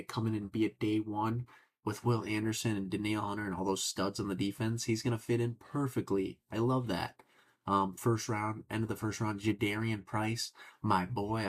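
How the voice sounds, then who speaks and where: Husky low-voiced young man, opinionated. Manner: opinionated, rambling, swears casually. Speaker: podcast host. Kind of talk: casual sports talk.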